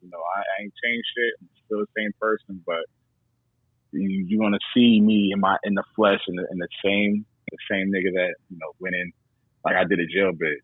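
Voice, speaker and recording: A man's voice: sits low, steady tone, brisk, breathy edge, phone-quality sound. A man talking casually as a podcast guest, laid-back and slangy, often repeating himself as he works out what to say.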